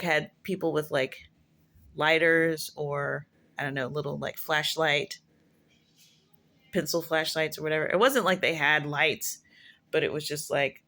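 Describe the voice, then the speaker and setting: Low-voiced woman musing on spirit matters. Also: a bit bright. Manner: rambling, full of "like" and "you know" fillers; musing, self-correcting storyteller. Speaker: prophetess sharing spiritual musings. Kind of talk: casual spiritual monologue.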